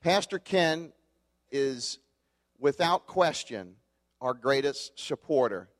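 A man's voice: mid-range voice, animated, takes it slowly. A man introducing a guest pastor to a congregation and rallying them to welcome him. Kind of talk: church introduction. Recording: distant, with hall reverb.

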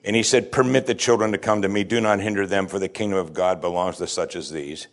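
A man's voice: sits low, fairly even intonation, quick pace. A pastor preaching a sermon, reading scripture aloud and then explaining it in a conversational way, pushing his voice up to stress key points. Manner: emphatic, often rising to stress a point.

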